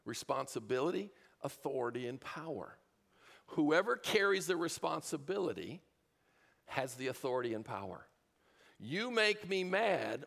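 A man's voice: mid-range voice, creaky. A man giving a motivational talk to a live audience in a large room, speaking into a handheld mic with punchy rhetorical questions. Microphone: handheld microphone.

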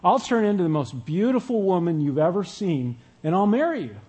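A man's voice: high-pitched, very animated, brisk, a little mellow, breathy edge, heavily acted. A man voicing an insistent talking female frog who keeps repeating herself in a sermon joke. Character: pushy talking female frog on a lily pad.

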